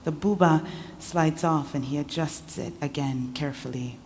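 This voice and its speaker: Low-voiced woman reading her fiction aloud. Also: darkish tone, slight background noise. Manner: measured, intimate second-person narration. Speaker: author. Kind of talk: literary reading. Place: literature festival event.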